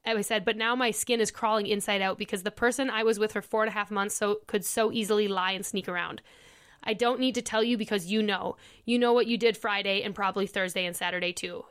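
A woman's voice: medium pitch, a bit bright, smooth. A woman podcast host in casual chat, animatedly retelling a breakup and reading old text messages aloud.

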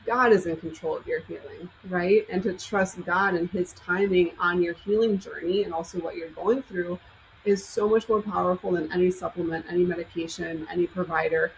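A woman's voice: lowish voice, steady tone, normal speed, gravelly, a little hiss or hum, low-quality recording. A woman doctor speaking emphatically in a podcast conversation, stacking up her points with repeats. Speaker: doctor, co-host.

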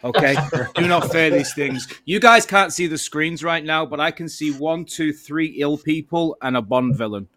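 A man appearing as a podcast guest, animated and jokey, with sudden dramatic flourishes. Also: on the high side, normal speed, no echo. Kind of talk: casual banter.

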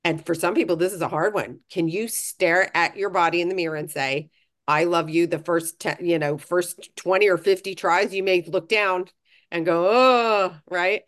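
A woman's voice: fairly low pitch, fairly even intonation, normal speed. A woman co-hosting a self-help podcast, talking earnestly and frankly in casual chat, swearing now and then. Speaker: podcast co-host.

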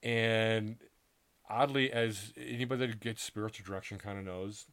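A middle-aged man earnestly recounting a personal story in a casual, halting way, acting out what people said to him. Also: lowish voice, fairly even intonation, a bit bright. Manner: earnest, halting, with restarts and acted-out quotes. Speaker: author telling his story.

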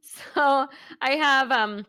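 A woman's voice: high voice, drawn-out words, no room sound, studio quality. An American woman in her thirties co-hosting a podcast, chatting casually and telling stories with frequent laughter. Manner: chatty, laughs often, animated storytelling. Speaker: podcast co-host. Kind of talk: casual chat.

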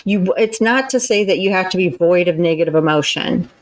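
A podcast co-host with a slightly low voice gives advice in a relaxed chat, speaking a little fast over poor audio. She explains things earnestly and at length, sometimes acting out how a line might sound.

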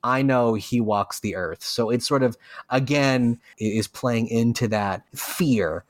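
A man co-hosting a podcast, talking casually about a rap album at a middle pitch. He gets animated and swears, slipping into mocking voices when he rants. The sound is close and dry, with no room in it. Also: measured pace, no echo. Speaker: podcast co-host.

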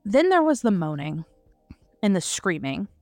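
Brief: woman co-host, lively dramatic retelling, mid-pitched voice, dry close sound. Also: unhurried, dry recording, soft background music. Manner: animated retelling with acted-out quotes and swearing. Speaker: podcast co-host. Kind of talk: casual book review chat.

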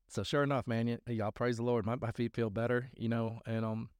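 A man's voice: mid-range voice, level tone, brisk, few pauses, dry recording, clean studio sound. Rambling, earnest man on a podcast. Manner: rambling, earnest, many restarts. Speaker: podcast host. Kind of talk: casual faith podcast talk.

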